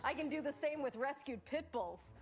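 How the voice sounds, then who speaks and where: A cheerful, boastful dog rescuer with a high, bright voice. Loud music runs under the TV sketch. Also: female voice, animated, moderate pace. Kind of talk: live TV sketch comedy.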